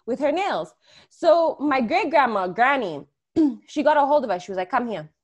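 A young woman co-hosting a podcast tells stories in casual chat, swearing freely and laughing often. Her voice is high-pitched and expressive, at a normal speed.

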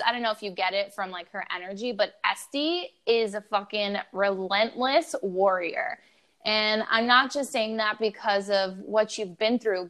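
A woman's voice: medium pitch, fairly bright tone. A young woman co-hosting a podcast, chatting casually and gushing with enthusiasm, sprinkling in "like" and "literally". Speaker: podcast co-host. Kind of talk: casual chat.

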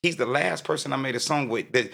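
A man's voice: medium pitch, fast talker, gravelly, a bit bright, husky. A man from California, a rapper, telling his story in a casual interview and acting out the voices of people he quotes. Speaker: guest rapper.

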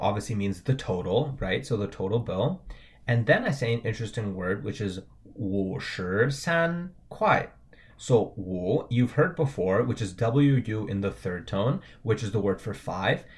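A man's voice: fairly low pitch, darkish tone. A young man giving a patient video lesson, spelling out words letter by letter and often checking in with the viewer. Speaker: language teacher.

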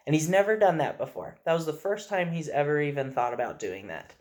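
A father speaking in a casual video message, telling gentle, earnest stories about his young son. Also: a little high, lively intonation, fairly quick.

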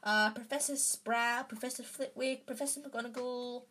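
Hagrid, a gruff big groundskeeper, read by a woman. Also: fairly high pitch, steady tone, normal speed, sharp tone, a little hiss or hum, pitched above the performer's own voice. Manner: hesitant, rambling, proud.

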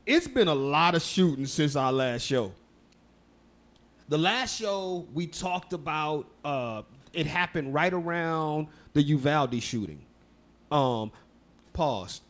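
A man's voice: fairly high pitch, lively intonation, slow pace, fairly bright tone. A man from Texas co-hosting a podcast, telling stories in a loose, profane, laughing way. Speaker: podcast co-host. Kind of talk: casual chat.

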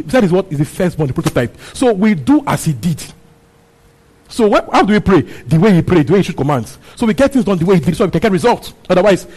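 A man's voice: high-pitched, darkish tone, low-quality recording. A man preaching a sermon, repeating his phrases and asking the congregation questions. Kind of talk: sermon teaching on a Bible passage.

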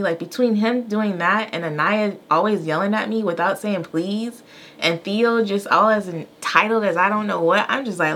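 A woman's voice: medium pitch, moderate pace. A mother co-hosting a podcast, telling an everyday story candidly and acting out quoted lines. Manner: animated, candid, acts out quotes. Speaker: podcast co-host. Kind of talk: casual storytelling.

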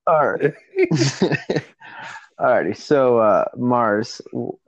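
A man's voice: mid-range voice, takes it slowly, no echo. Man hosting a podcast in a dull, dry recording. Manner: relaxed, laughs along. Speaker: podcast host. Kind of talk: casual chat.

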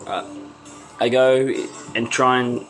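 A man's voice: medium pitch, level tone, takes it slowly, poor audio. A man plays a character in a tabletop game, speaking in a casual, joking way. He cuts in often and laughs along. Faint music plays behind him. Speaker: player.

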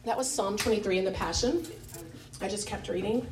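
With a medium-pitched voice and a fairly quick delivery, a woman leads a Bible study, offering an informal devotional teaching that is candid and conversational, thick with fillers and self-corrections. It's captured from a distance in an echoey church meeting room.

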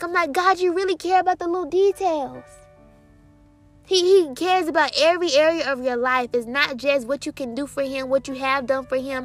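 A young woman, casually sharing a Christian testimony in an excited, chatty way, with many fillers and quoted dialogue. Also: sits high.

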